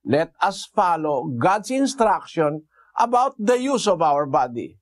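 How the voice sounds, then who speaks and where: A male preacher expounds scripture at an unhurried pace, his voice sitting noticeably high. He pauses on fillers and tosses rhetorical questions at his listeners. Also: big pitch swings. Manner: slow, deliberate, with hesitant fillers and rhetorical questions. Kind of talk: bible exposition sermon.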